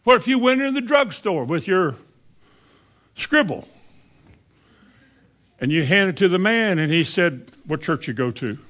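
A preacher in his seventies delivers a plain-spoken sermon in a somewhat high voice. He talks to the congregation conversationally, throwing out rhetorical questions. His delivery swings between quiet low stretches and sudden high bursts. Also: very animated, unhurried, long pauses. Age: 70s.

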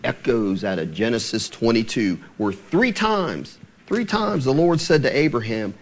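A man preaching a sermon, asking the congregation rhetorical questions and slowing down to read scripture aloud. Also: medium pitch, a little hiss or hum. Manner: animated, asks rhetorical questions, slows for scripture.

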